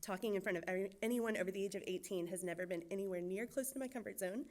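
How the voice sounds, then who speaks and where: This is a young woman from Georgia, USA, who serves as a church children's director, giving an anxious personal testimony at a quick clip with plenty of laughter. She has a mid-range voice.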